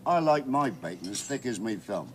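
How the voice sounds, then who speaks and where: A man's voice: medium pitch, very animated, moderate pace, very noisy, close to an everyday voice. An actor playing a blunt, grousing door-to-door brush salesman.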